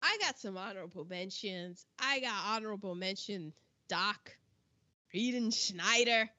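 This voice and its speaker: A woman co-hosting a casual film discussion, telling the plot in an animated, exclamatory way and throwing in slang. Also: mid-range voice, a little slow, muffled recording. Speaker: podcast co-host.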